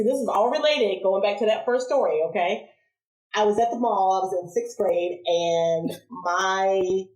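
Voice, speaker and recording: A woman in her forties, a podcast guest, telling childhood stories in a casual interview, animated, laughing and acting out voices. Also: medium pitch. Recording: roomy echo.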